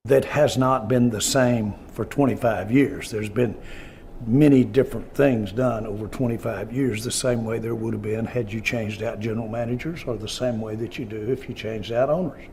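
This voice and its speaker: An older man giving a halting press statement, full of fillers. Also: medium pitch, fairly even intonation, darkish tone, slight background noise. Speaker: team owner at press event.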